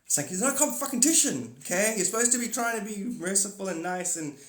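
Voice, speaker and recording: A man hosting a live stream in casual chat, excitable, swearing often and laughing a lot. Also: sits high, brisk. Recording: echoey room.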